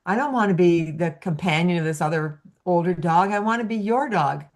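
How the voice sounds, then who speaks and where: A woman's voice: lowish voice, a little fast, lightly acted. A woman voicing a young female puppy who insists she came to be her owner's own dog and not a companion to another. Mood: indignant.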